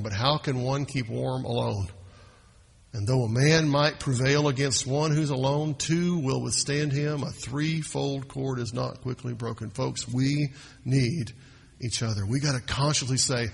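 A man preaching a sermon as pastor, swinging his pitch and loudness and slowing down to stress points. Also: vocal fry, breathy edge.

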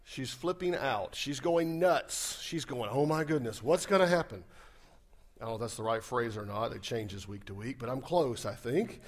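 A man preaching a conversational sermon, with sarcastic asides and swings between loud and soft passages. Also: medium pitch, expressive, normal speed, few pauses. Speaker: pastor.

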